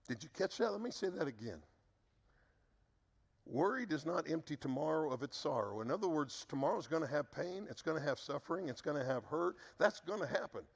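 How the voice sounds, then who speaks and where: Middle-aged male pastor, gravelly, earnest sermon delivery, drops low on key words. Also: expressive, brisk, in a large hall.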